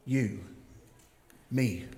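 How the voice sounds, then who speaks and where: A man preaching a sermon as pastor, slow and emphatic, building in intensity. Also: mid-range voice, darkish tone. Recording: long reverb of a large hall.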